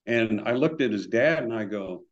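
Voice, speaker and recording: Low-voiced man, dull lo-fi audio. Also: normal speed. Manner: animated anecdotes with acted-out quotes. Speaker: guitar builder guest. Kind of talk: casual storytelling.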